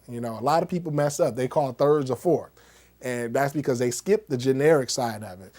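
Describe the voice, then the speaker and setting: A man's voice: medium pitch, a little fast, dark tone. A man teaching a casual music lesson, speaking conversationally, demonstrating on a keyboard and often checking in with "okay?" and "right?". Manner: demonstrates on a keyboard while explaining.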